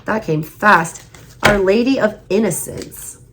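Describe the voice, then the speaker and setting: A woman with a Southern US accent giving a casual tarot reading, emphatic and repeating her points, her voice going hoarse. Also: mid-range voice, slow, noisy background. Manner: emphatic, repeats herself, urging viewers. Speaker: tarot reader.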